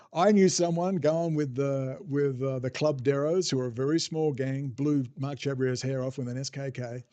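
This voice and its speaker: A man's voice: medium pitch, dark tone, muffled recording. A man hosting a casual livestream, rambling off the cuff, swearing freely and answering viewer chat as he goes. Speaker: livestream host.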